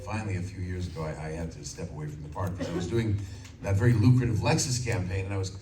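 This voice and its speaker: A man in his sixties, a voice actor telling animated stories on a convention panel and slipping into character voices. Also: low voice, fast talker. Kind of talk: anecdotal panel storytelling. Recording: echoey hall from far off, loud crowd.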